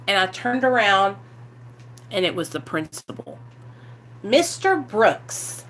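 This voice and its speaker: A woman, candidly telling her life story to the camera, animated and swearing freely, acting out what people said. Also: mid-range voice, measured pace, a little hiss or hum. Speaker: vlogger sharing recovery story.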